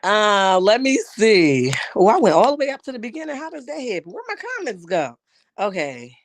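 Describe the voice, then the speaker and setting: A woman doing sassy, emphatic live-stream commentary and reading viewer comments, her voice going hoarse. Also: medium pitch, sing-song, moderate pace, no echo. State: losing her voice. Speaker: YouTube commentary host.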